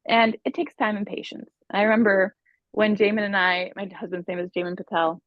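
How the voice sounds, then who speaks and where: Woman relationship coach, podcast guest, expressive conversational delivery; dry, slightly dull recording. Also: medium pitch, brisk, dry recording.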